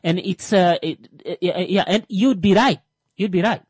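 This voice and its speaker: A male radio show host, talking casually and joking, with many "uh" fillers and pauses as he searches for words. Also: sits high, darkish tone, husky, no room sound. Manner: hesitant, heavy on "uh" fillers, joking asides. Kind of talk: casual radio talk with jokes.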